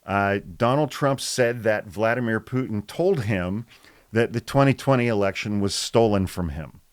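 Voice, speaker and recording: Deadpan, exasperated man with a smooth, low voice. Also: moderate pace, no echo. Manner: sarcastic, exasperated, deadpan rebuttals. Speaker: political commentary podcaster. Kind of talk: casual political commentary reading and rebutting quotes.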